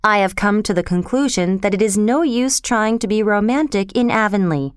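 A woman's voice: medium pitch, normal speed, smooth, no room sound, clean studio sound, close to an everyday voice. A woman voicing a proud, stubborn young girl who speaks coldly and firmly. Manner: cold, firm and formal.

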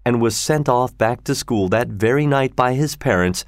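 A man's voice: medium pitch, moderate pace, dry recording. Man reading a story, dry close sound. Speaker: audiobook narrator. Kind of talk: scripted storybook narration.

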